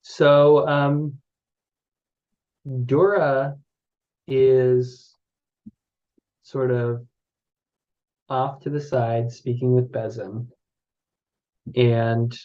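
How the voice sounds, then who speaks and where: A man narrating as the game master of a tabletop game, relaxed and laid-back, over dull lo-fi stream audio. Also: mid-range voice, drawn-out words, long pauses.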